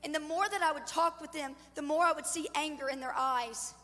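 A woman's voice: high voice, fairly quick, fairly bright tone. A woman in her forties giving an earnest sermon testimony as a ministry leader, storytelling with emphatic, building intensity. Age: 40s. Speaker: ministry president, guest speaker. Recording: long hall reverb.

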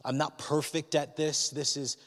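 A man's voice: a little high, flat delivery, normal speed, fairly bright tone, big-room sound. A man preaching a sermon as a pastor, speaking in a candid, conversational and personal way.

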